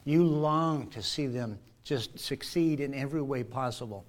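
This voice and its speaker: A man's voice: mid-range voice, a little slow. A man, a pastor, speaking to his congregation in a conversational, earnest way. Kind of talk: church announcements.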